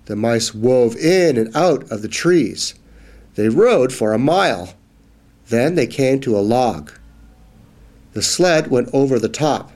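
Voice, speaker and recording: A man reading a children's phonics book aloud, slow and clearly enunciated. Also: medium pitch. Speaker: reader.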